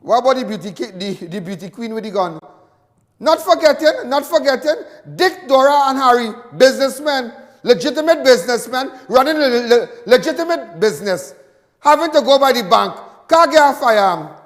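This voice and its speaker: A Trinidadian man hosts a show with a heated political monologue. His voice sits unusually high, and he mocks and repeats phrases to drive each point home. A long reverb trails his words. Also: animated, normal speed, a bit bright. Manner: fiery, mocking, repeats lines for emphasis. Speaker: host.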